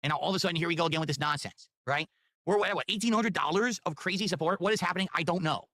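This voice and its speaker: A man's voice: fairly high pitch, rapid-fire, bright, forceful tone, no room sound. A man livestreaming, talking in a rambling, pleading, sentimental way. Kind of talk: casual livestream talk.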